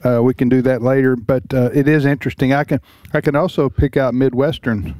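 A man's voice: medium pitch, steady tone, a little fast, darkish tone, no echo. A man hosting a radio talk show in a studio, chatting and wandering off topic, laughing easily.

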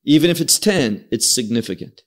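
A man's voice: medium pitch, expressive, normal speed. A man teaching an evening Bible study, reading verses aloud, quoting Hebrew words and restarting his phrases.

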